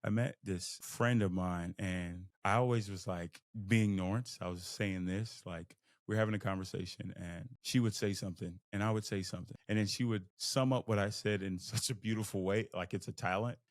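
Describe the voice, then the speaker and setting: A young man from Texas, hosting a podcast and giving an emphatic, animated motivational talk. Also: low voice, moderate pace, hardly any pauses, no room sound, studio quality. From Fort Worth, Texas. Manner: animated, emphatic, acts out inner voices. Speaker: podcast host. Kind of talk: motivational monologue.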